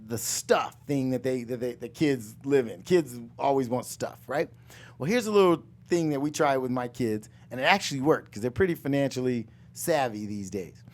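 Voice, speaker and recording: A middle-aged man hosting a live finance coaching talk, loud and emphatic, repeating his phrases and mixing in jokes. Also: mid-range voice. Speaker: real estate coach and show host.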